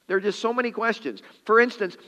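A man's voice: sits high, expressive, fast, bright, forceful tone, in a large hall. A man preaching a sermon in an earnest, emphatic way, reading scripture with dramatic emphasis. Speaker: pastor.

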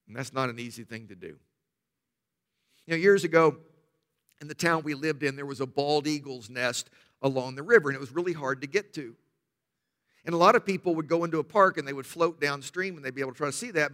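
A man's voice: fairly high pitch, bright, forceful tone. A man preaching a sermon, telling stories emphatically with humorous asides.

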